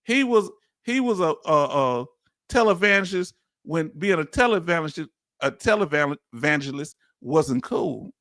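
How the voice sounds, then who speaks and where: A man with a Southern Louisiana accent giving an animated, preachy commentary as host, full of rhetorical questions and chuckles. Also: fairly high pitch, a little slow, no echo, clean studio sound. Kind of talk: casual commentary monologue.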